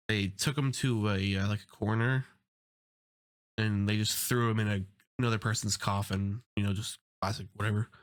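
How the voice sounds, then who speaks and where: A man's voice: on the low side, fairly bright tone, no echo, clean studio sound. A young man casually recapping TV episodes, rambling and filling his talk with "like" and "you know". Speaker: show recap host.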